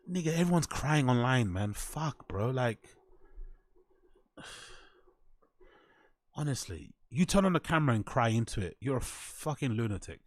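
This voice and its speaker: A man's voice: medium pitch, very animated, a little slow, long pauses. A man hosting his own show, giving casual, mocking commentary on online posts, swearing freely and often breaking into laughter. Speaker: show host.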